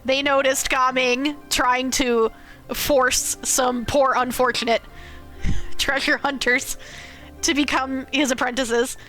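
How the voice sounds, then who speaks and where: Bright, high-pitched woman streamer. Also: takes it slowly. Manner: animated, laughs often, swears casually. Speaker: game streamer. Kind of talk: casual recap of a game story. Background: faint game music.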